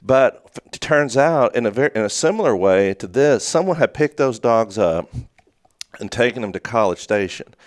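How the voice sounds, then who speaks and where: A man's voice: medium pitch, expressive, normal speed, no echo, clean studio sound. A man co-hosting a local morning show, telling a long story in a rambling, casual way with many restarts. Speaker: co-host. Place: small studio.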